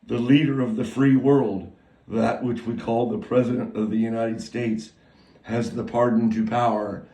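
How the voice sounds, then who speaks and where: A man preaching a loose, rambling sermon, moving between quiet, halting prayer and loud, excited retelling. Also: mid-range voice, roomy sound, distant mic, low-quality recording.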